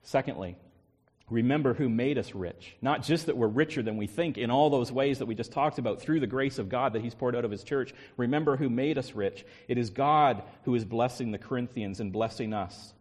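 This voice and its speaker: A man's voice: medium pitch, brisk, a little mellow. A male pastor preaching a sermon with emphatic repetition and rhetorical questions. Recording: long hall reverb.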